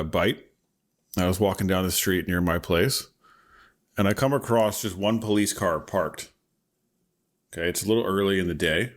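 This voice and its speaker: A man with a fairly low voice, co-hosting a casual podcast. He tells stories in a relaxed, low-key way, trailing off into quiet asides. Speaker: podcast co-host. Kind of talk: casual storytelling chat.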